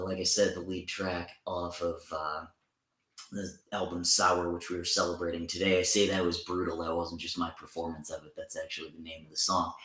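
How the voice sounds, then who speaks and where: A man's voice: low voice, fairly bright tone. A man, a teacher hosting a livestream, chatting casually between song covers and hesitating often with fillers and restarts. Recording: roomy echo with faint music.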